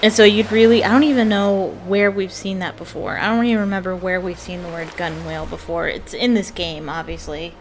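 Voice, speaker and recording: A woman's voice: lowish voice, steady tone, a little fast, few pauses, a little hiss or hum. A young woman casually commenting on a puzzle game, musing aloud and hesitant, with many fillers. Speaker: let's play gamer.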